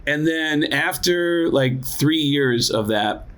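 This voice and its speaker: A male comedian and impressionist, a podcast guest, telling a story casually and acting out other people's voices. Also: slow. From United States. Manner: animated, acts out voices with big pitch jumps; casual, lots of "like" and "dude". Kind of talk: storytelling in an interview.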